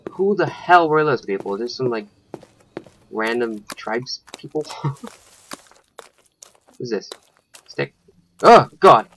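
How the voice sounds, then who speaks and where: A man's voice: medium pitch, lively intonation, takes it slowly, pauses often, fairly bright tone, a little hiss or hum. A man giving let's play commentary, thinking aloud and swearing when startled. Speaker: gaming channel host.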